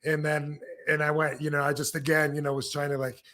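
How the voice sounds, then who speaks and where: A man's voice: on the high side, flat delivery, brisk, bright, forceful tone. A man in his fifties from Michigan, hosting a casual podcast chat and telling a long story, repeating words and acting out old quotes. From Michigan, USA. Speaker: podcast host, former wrestler.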